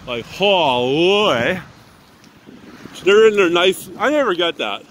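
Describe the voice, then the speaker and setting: Guy on a bike filming on his phone, bit breathless, kinda high voice, ranting and swearing, faint wind noise. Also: very animated, fairly quick. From Canada. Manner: ranting, profane, talking to viewers while cycling. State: slightly out of breath. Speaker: vlogger. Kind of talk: casual ride-along vlog. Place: outdoors on a bicycle in winter traffic. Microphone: handheld phone.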